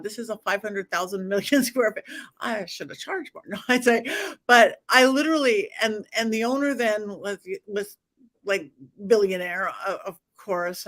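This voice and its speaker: A woman's voice: fairly high pitch, fairly bright tone. A middle-aged woman, a psychic medium guest, telling stories in a casual interview, acting out dialogue and laughing often.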